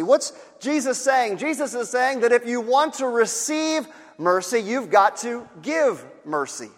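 High-voiced man preaching in a reverberant hall. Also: animated, measured pace, faint music behind. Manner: repeats key phrases, acts out sighing bystanders. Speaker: pastor. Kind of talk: sermon.

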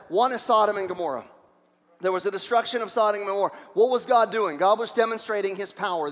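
High-voiced pastor preaching in a hall. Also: male voice. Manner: animated, asks the congregation questions, restarts. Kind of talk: sermon. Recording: long hall reverb.

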